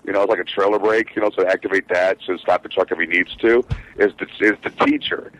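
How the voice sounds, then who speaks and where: A man with a fairly low voice tells a story in fast, tumbling speech. He swears freely and loses his thread in fillers as he chats casually. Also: fairly even intonation, fairly bright tone, low-quality recording. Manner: rambling, profane storytelling with many fillers. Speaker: truck driver, show regular. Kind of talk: casual podcast chat.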